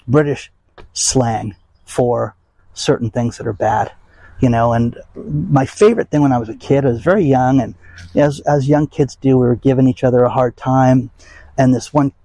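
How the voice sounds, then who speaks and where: A man's voice: medium pitch, warm tone, dry recording, low-quality recording. An older man ranting bluntly and emphatically to his audience in a rambling vlog. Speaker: vlog host. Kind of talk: casual rant to camera.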